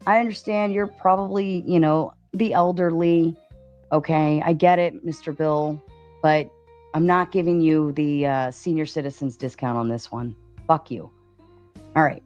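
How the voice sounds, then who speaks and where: Woman, husky soft voice, low-pitched, defiant, live-stream panel, muffled audio, faint music. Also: steady tone, moderate pace. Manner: defiant, reads out donations. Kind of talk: casual live-stream talk.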